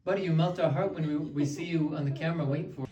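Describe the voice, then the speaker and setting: A man's voice: a little high, fast talker, dark tone. Playful man teasing his pets. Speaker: pet owner filming at home. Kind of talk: casual home video chat. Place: home. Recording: noisy home video.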